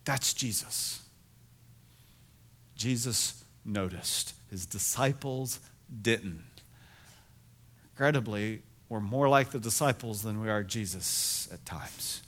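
Animated bright-voiced male pastor. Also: fairly low pitch, slow pace, long pauses. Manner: animated storytelling, self-deprecating. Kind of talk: sermon.

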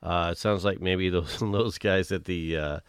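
A hoarse male podcast host with a very low, smooth voice, asking relaxed questions that trip over repeated words. The sound is dry and close to the mic. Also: dry recording. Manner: laid-back, halting questions with repeated words. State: hoarse, losing his voice. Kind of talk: casual interview.

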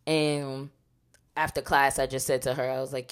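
Low-voiced woman telling a lively story. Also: moderate pace, clear, resonant tone. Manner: animated storytelling, acts out quotes. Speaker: podcast co-host. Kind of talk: casual chat.

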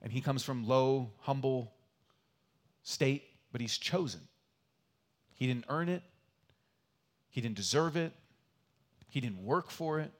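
A man preaching a sermon as pastor, earnest and repetitive for emphasis, swinging between loud emphatic lines and quiet asides. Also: medium pitch, takes it slowly, pauses often. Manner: earnest, repeats key phrases for emphasis. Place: church.

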